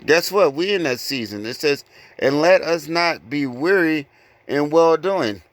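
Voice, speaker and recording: A man preaching informally from scripture, confronting listeners with blunt rhetorical questions and reading verses slowly. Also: fairly high pitch, animated, no echo. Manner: repeated rhetorical questions, "guess what?"; reads verses slowly and deliberately.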